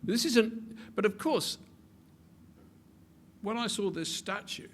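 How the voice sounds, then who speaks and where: A man giving a public talk with animated delivery, building to emphatic peaks and often repeating words as he restarts his sentences. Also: sits high, slow. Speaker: speaker.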